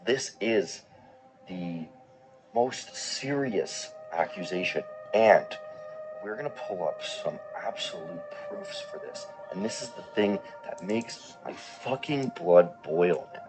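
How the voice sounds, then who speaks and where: A man's voice: low voice, lively intonation, takes it slowly, music in the background, low-quality recording. A man narrating a commentary video, emphatic and indignant, with occasional profanity. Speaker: commentary youtuber.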